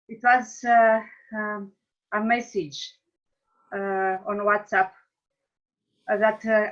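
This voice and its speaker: A woman from Romania gives an emotional testimonial over a video call, halting and searching for her English words. Her audio is a little dull and muffled. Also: medium pitch. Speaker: class participant.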